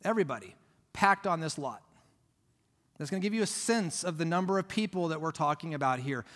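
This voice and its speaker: Pastor, male. High, bright voice; chatty, emphatic preaching; long hall reverb. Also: lively intonation, brisk. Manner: conversational, emphatic teaching with frequent restarts. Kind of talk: sermon.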